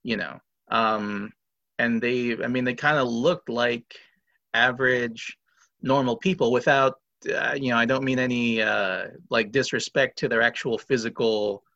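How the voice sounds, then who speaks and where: A man's voice: medium pitch, steady tone, measured pace, bright, forceful tone, dry recording. A man co-hosting a podcast, thinking aloud about a film's actors with many fillers and restarts. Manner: rambling, hedging with fillers. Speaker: podcast co-host. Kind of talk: casual film discussion. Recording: dry dull lo-fi audio.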